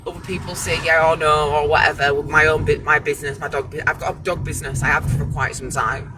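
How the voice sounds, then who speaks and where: A man's voice: on the high side, little pitch movement, quick pace, music in the background. A British man vlogging from a parked car, talking to himself in a rambling, restless way with many restarts. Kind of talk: casual vlog monologue.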